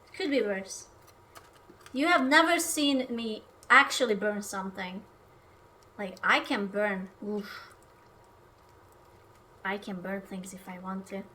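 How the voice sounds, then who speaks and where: A woman's voice: mid-range voice, slow, long pauses, pushed and bright, a little hiss or hum. A young woman from Hungary, chatting casually on a livestream while she cooks, playful and self-mocking. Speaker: streamer.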